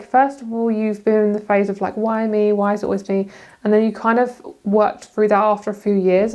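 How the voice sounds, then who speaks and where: A woman's voice: medium pitch, a little mellow. A young woman doing a casual tarot card reading, chatty and loose, swearing freely and laughing at her own words. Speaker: tarot reader.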